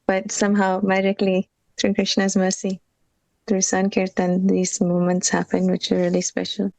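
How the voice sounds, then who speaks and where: A woman's voice: medium pitch, completely flat delivery, normal speed, gravelly, a little mellow, no room sound, poor audio. A woman hosting a podcast interview, responding to her guest and asking questions in an encouraging way. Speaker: podcast host. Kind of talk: interview conversation.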